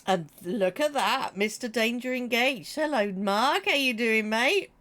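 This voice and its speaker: A woman's voice: on the high side, expressive, measured pace, a bit bright. Chatty British woman streaming with a cold. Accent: British English. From Britain. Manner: chatty, jokey, reads chat aloud. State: runny nose. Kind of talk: casual chat while gaming.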